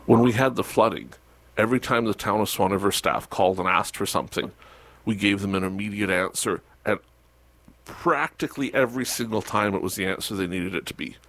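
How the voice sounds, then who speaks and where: A man speaking as a local municipal official in a casual radio interview, animated, with sarcastic asides. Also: lowish voice, brisk, dry recording.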